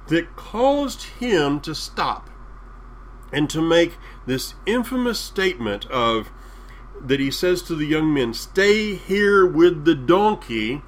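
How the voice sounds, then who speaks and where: A man with a Southern US accent preaching a sermon, drawing out key phrases with deliberate emphasis. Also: on the high side, sing-song, a little hiss or hum.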